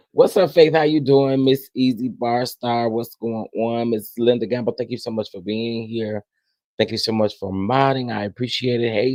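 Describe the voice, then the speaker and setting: A man hosting a casual live stream, greeting chat viewers one by one and sounding irritated, with halting restarts. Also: medium pitch, mellow, dry recording. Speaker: livestream host. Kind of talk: casual livestream commentary.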